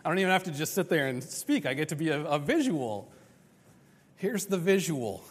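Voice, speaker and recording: Animated preacher in a reverberant hall. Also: male voice, a little high, normal speed, slightly rough. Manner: animated, conversational, acts out dialogue. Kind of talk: sermon.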